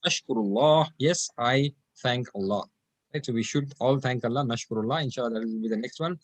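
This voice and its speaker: A man's voice: mid-range voice, fast, no room sound, rough recording. A man teaching an online class, explaining grammar patiently and repeating practice phrases aloud over a video call. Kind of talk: online Quranic Arabic class.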